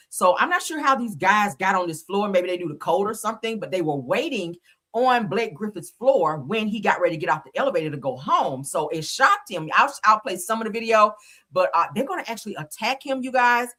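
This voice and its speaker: A woman's voice: mid-range voice, animated, fairly quick. Laughing, profane woman gossip host. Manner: loud, laughing, profane, talks straight to viewers. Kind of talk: casual gossip commentary.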